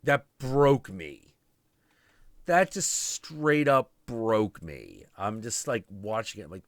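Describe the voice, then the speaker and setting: A man's voice: lowish voice, lively intonation, slow, dry recording, studio quality. A man hosting a casual live stream, rambling sarcastically and swearing constantly while mocking film characters. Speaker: podcast host. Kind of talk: profane casual stream chat.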